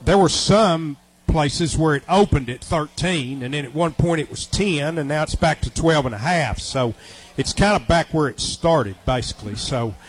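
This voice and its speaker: A man co-hosting sports radio who talks through betting lines in a measured, hesitant way. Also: a little high. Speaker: radio co-host.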